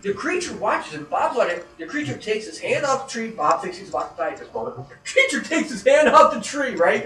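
A man's voice: extremely high pitch, very animated, fairly quick, hardly any pauses, pushed and bright, a little hiss or hum. A man telling a story in a casual, profane way, acting out scared reactions as he goes. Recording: echoey room heard from a distance.

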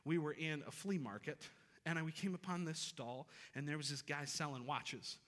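A man preaching in a church sanctuary, his bright, sharp voice ringing through a hall with long reverb. He moves from easy, conversational talk to emphatic, repeated lines, sitting a bit higher than most men. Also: normal speed. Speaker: pastor. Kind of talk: sermon.

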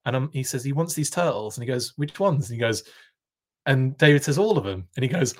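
Talking fast with an expressive, medium-pitched voice, a man from the UK hosts a casual live stream. His long story rambles and keeps drifting into tangents.

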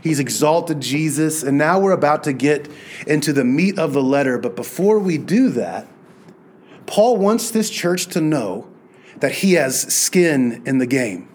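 A man serving as pastor, preaching a conversational sermon with storytelling, slow and deliberate at times. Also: on the high side, darkish tone.

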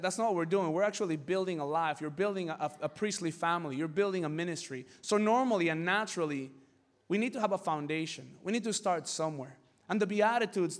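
Young male pastor, high voice, casual joking sermon delivery, chatty and animated.

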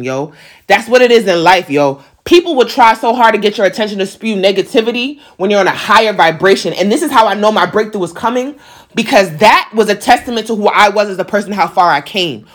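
A woman's voice: medium pitch, animated, a little fast. A woman vlogger telling a personal story in casual, emphatic slang, talking straight to her viewers. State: on the verge of tears.

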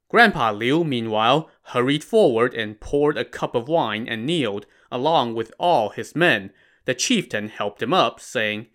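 A man's voice: medium pitch, lively intonation, a little slow, a bit bright. A man narrating a classic tale in a casual, wry style with modern slang. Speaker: storyteller.

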